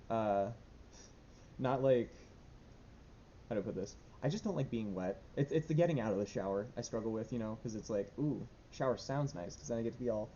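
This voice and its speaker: A young man rambling nervously in a casual diary vlog, with lots of fillers and restarts. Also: dark tone. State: anxious. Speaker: vlogger. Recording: dull lo-fi with faint rumble.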